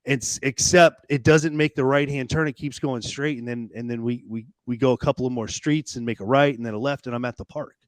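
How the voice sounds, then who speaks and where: Guy on a podcast telling his story, animated, cusses a lot, trips over his words, dry close mic. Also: mid-range voice, a little fast, few pauses, no echo. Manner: animated, swears freely, repeats words while racing ahead. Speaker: podcast guest. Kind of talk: casual storytelling.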